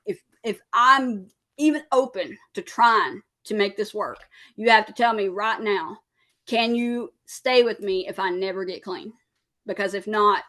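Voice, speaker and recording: A woman's voice: mid-range voice, a bit bright. A woman in her thirties, a podcast guest candidly telling a personal recovery story and acting out past conversations. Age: 30s.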